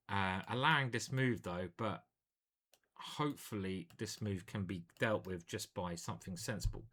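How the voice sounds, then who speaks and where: A man's voice: on the low side, fairly bright tone. A man, a chess grandmaster, commentating live on his own online games in a chatty, self-deprecating way, thinking aloud at a home computer.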